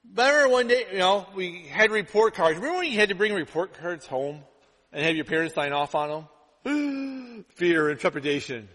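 A male pastor preaching a sermon, telling stories with lively acted-out quotes. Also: high-pitched, a little fast. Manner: animated storytelling, acts out quotes. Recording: long hall reverb.

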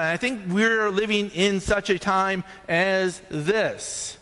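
A male pastor delivering an animated sermon, his voice climbing high on points of emphasis. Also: takes it slowly. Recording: long hall reverb.

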